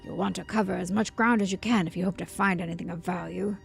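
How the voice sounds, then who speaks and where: A woman reading fantasy game dialogue aloud for the characters, using a put-on high English accent and a measured, formal delivery. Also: steady tone, creaky, faint music behind. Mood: earnest.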